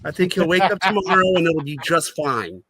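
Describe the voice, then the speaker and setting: A man's voice: on the high side, animated, brisk, sharp tone, slightly rough. A man co-hosting a sports podcast in casual chat, sarcastic and mocking, slipping into whiny put-on voices. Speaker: podcast co-host.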